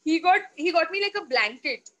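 A woman with an Indian accent, a guest telling a story in a casual, lively way and acting out the quotes. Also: very high voice, normal speed, low-quality recording. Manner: lively, animated, acts out quotes.

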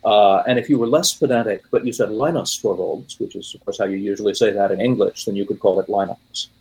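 Fast-talking and fairly low in pitch, with even intonation, a darkish tone and a breathy edge, this American man in his late forties comes through a rough recording. As a podcast guest he chats casually about computing, rambling and full of fillers and self-corrections.

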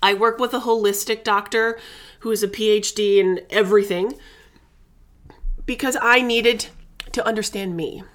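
A woman's voice: mid-range voice, fairly even intonation, moderate pace, long pauses, fairly bright tone. A middle-aged woman hosting a casual wellness podcast, talking candidly and chattily and dropping in endearments and the odd swear word. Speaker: podcast host.

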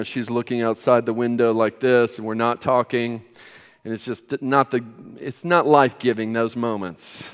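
Pastor in his forties, man, mid-pitched, storytelling sermon in a reverberant hall. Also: clean tone. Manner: conversational storytelling with emphatic, rising bursts.

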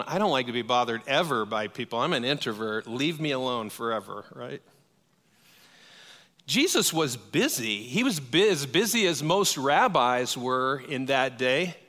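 A man preaching a sermon, telling a story with lively energy and acting out the voices in it. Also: a little high. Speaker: pastor. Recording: long hall reverb.

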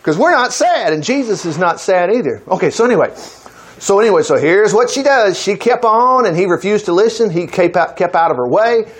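Guy preaching bible stories, high voice, chatty with lots of asides. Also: lively intonation, a little fast. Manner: chatty, exclaiming asides, voice jumping up and down. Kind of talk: folksy Bible teaching.

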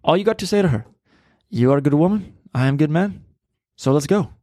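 Brief: man voicing a confident neighbor, odd accent, broken English, pitched up. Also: animated, fairly quick, dark tone, dry recording, clean studio sound, lightly acted. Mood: blunt. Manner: broken-English matter-of-fact delivery.

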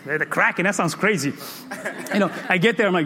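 High-voiced animated storytelling preacher. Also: male voice, brisk. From Cape Verde. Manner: animated, playful, breaks into shouts and laughter. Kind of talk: comic storytelling sermon. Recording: echoey hall reverb.

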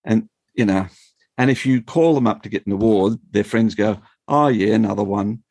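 A man explains scripture like a former principal telling stories, breaking into chuckles as he goes. His voice sits fairly low and the recording is close and dry. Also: normal speed, breathy edge, dry recording. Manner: animated storytelling with frequent chuckles. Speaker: Bible teacher and former school principal. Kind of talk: explanatory Bible talk.

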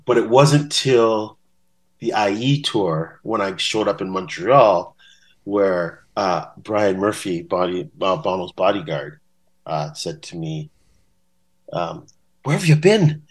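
A man's voice: deep voice, takes it slowly. A man telling stories as a podcast guest in a casual interview. He acts out quotes in different voices. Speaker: podcast guest, bass-playing fan.

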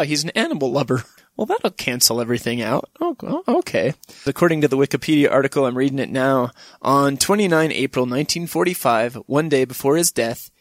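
A male podcast host who rambles from one thought to the next and laughs now and then. His voice sits in a middle pitch. It is recorded close and dry. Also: a bit bright, dry recording. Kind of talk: casual chat.

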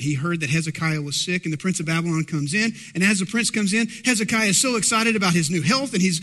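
A man's voice: fairly high pitch, a bit bright. A man preaching a sermon as pastor, emphatic and asking the congregation rhetorical questions. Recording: long hall reverb.

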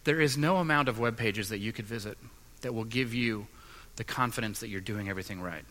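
A man's voice: fairly low pitch, brisk, a bit bright. A man preaching a sermon as pastor, with an earnest delivery that builds in intensity. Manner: earnest and building, with mimicked voices.

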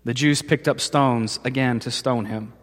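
Unhurried and medium-pitched, with fairly even intonation, a man delivers a sermon as pastor. He tells stories and voices the characters he quotes, all heard through long hall reverb.

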